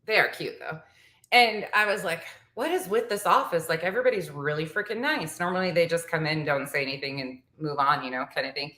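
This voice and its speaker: A woman's voice: low-pitched, a little fast, bright, forceful tone, echoey room. A woman in her forties telling a story to the camera in a chatty vlog, laughing often as she goes. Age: 40s. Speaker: vlogger. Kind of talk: casual storytelling chat.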